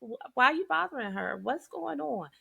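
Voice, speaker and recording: A bubbly woman with a Southern accent hosts a relaxed podcast chat, her voice bright and a touch high. She tells stories with lively acted-out quotes. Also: moderate pace, gravelly. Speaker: podcast host. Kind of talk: casual chat.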